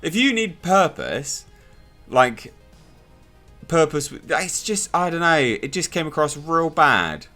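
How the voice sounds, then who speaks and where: Reviewing a TV episode in a loose, spoken style, a young man sounds exasperated and sarcastic, throwing in mocking impressions. His bright, forceful voice is sing-song and slow, swinging widely in pitch, with faint music beneath.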